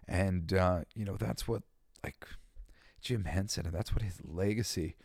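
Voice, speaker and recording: A man's voice: sits low, a little slow, creaky, long pauses, a little mellow, husky, no room sound. A tired, emotional man hosting a casual solo talk, rambling and close to tears. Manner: emotional, rambling, sings snatches of songs. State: tired and teary. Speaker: host. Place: California.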